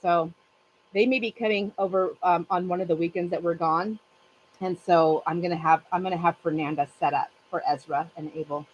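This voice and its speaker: A woman's voice: lowish voice, steady tone, fairly quick, muffled recording, slight background noise. A woman in her fifties hosting a craft channel, chatting casually with her livestream viewers in a rambling way and laughing often.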